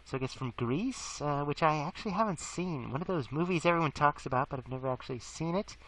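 A man's voice: fairly high pitch, expressive, quick pace, a bit bright, poor audio. A man talking casually to camera about wrestling shows he saw, rambling with lots of fillers and acting out the crowd's chants. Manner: chatty, many fillers, acts out crowd chants. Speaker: vlogger reviewing wrestling shows.

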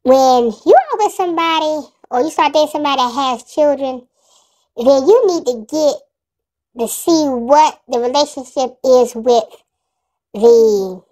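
A woman's voice: high voice, expressive, a little slow, long pauses, a little mellow, rough recording. A woman giving blunt, plain-spoken casual commentary on a radio segment. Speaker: commentator reacting to a radio clip.

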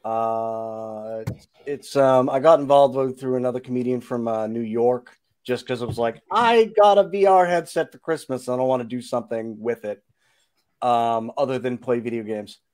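A man's voice: mid-range voice, little pitch movement, normal speed, mellow. A man in his forties, a comedian guest in a casual chat, joking at his own expense. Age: 40s. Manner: self-deprecating joker.

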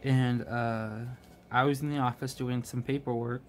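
A man of middle pitch tells a workplace story in an easy, rambling way. He fills his talk with ums and restarts and livens up when he quotes others. A faint hiss sits under the recording. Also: flat delivery, moderate pace. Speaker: vlogger, restaurant manager. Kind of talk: casual storytelling while crafting.

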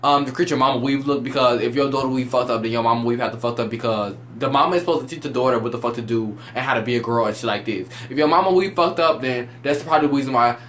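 A young man giving a loud, animated, profane rant as he reviews a reality show. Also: mid-range voice, fast talker, hardly any pauses, a little hiss or hum.

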